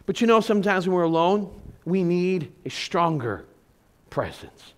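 A man's voice: sits high, animated, normal speed. A middle-aged man, a pastor, preaching a sermon in a church, talking conversationally with stories and rhetorical questions. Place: church sanctuary.

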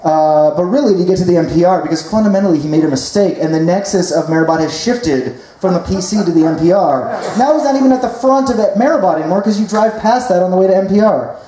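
A man's voice: sits high, fast talker, hardly any pauses, warm tone. A young man doing a chatty, self-deprecating stand-up comedy set for a live audience. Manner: self-deprecating, chatty, leads the crowd in chants. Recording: echoey hall, crowd noise.

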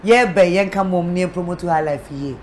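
A woman's voice: fairly low pitch, moderate pace. Ghanaian woman butting in, scolding, faint noise behind. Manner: interjecting, scolding. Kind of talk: heated argument.

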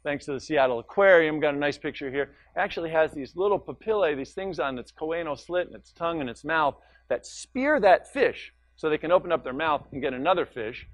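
A man's voice: a little high, animated, brisk, few pauses, no echo. Upbeat man giving a science talk. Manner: enthusiastic and conversational, often tags lines with "right?"; jokey, narrates slides and videos. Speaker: guest lecturer, marine scientist.

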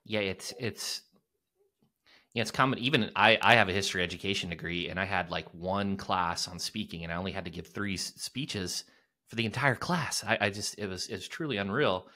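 A man hosting a podcast interview, asking questions in a halting way with many restarts. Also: deep voice, pushed and bright. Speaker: podcast host.

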